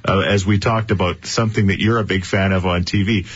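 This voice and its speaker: Lower-voiced morning host, husky tone with a swinging delivery, playful banter, lo-fi radio sound. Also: male voice, fairly even intonation, a little fast, no echo. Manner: chatty, joking, laughs often. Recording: dull lo-fi radio broadcast.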